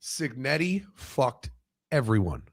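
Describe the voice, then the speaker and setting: A man's voice: medium pitch, big pitch swings, takes it slowly. A man co-hosting a sports podcast in casual, blunt and profane talk, often restarting his sentences as he makes a point.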